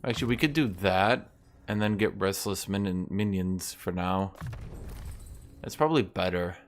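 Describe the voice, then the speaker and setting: A man's voice: low-pitched, unhurried. A man hosting a gaming video, chatting casually and profanely as he thinks aloud through his moves. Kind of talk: casual gameplay commentary.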